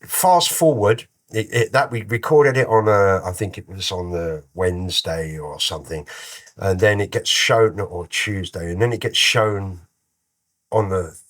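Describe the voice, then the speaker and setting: Husky, low-voiced cheeky man. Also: unhurried. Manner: animated, cheeky, slangy storyteller. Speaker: guest musician. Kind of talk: casual anecdote telling.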